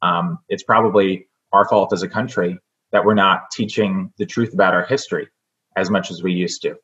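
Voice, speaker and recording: Radio interview guest, male, very low voice, earnest and measured, many fillers; dull lo-fi recording. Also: fairly even intonation, fairly bright tone. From United States. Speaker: state senate candidate guest. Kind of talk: radio talk show interview.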